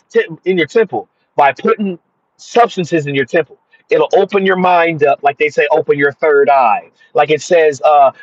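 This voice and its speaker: Husky high-voiced preachy man. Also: no echo. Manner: preachy, repetitive, emphatic. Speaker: spiritual commentator. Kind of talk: religious monologue. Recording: dull dry lo-fi sound.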